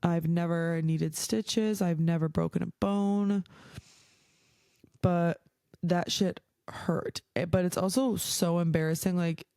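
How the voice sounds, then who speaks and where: A woman's voice: lowish voice, fairly even intonation, slow, warm tone, clear, resonant tone, no room sound, clean studio sound. A young adult woman hosting a podcast, telling stories casually, swearing freely and leaning on "like" as she talks. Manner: chatty, swears freely, heavy use of "like". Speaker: podcast host. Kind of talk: casual storytelling.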